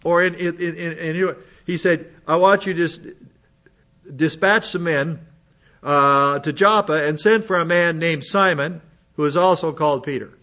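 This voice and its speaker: A man's voice: on the high side, steady tone, a little slow, bright, forceful tone, dull audio. A man preaching a Bible lesson, reading passages and breaking off into conversational asides to his listeners. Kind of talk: Bible teaching sermon.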